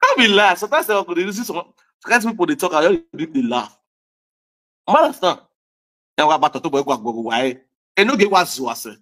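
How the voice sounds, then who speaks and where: A Nigerian man in a heated vlog rant, his voice pitched high for a man. He scolds his viewers and repeats himself over and over, hammering each point home. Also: very animated, fairly quick, pauses often, pushed and bright. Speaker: social media commentator. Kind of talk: ranting vlog monologue.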